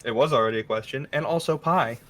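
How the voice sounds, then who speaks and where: A young man co-hosting a casual chat show, answering rapid questions with dry wit and some laughter. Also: medium pitch, fairly bright tone. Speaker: podcast co-host.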